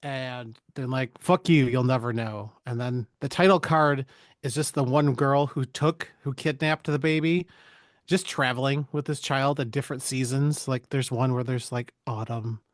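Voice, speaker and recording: A man co-hosting a podcast, recapping a film in casual chat, profane and jokey, slipping into quick voices for the characters. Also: medium pitch, steady tone, no echo, clean studio sound. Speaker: podcast co-host.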